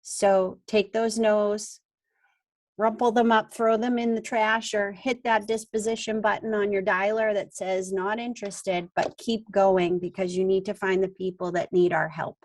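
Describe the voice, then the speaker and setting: A woman's voice: medium pitch, level tone, a little slow. A woman leading a team huddle, urging callers on with motivational talk on a video call.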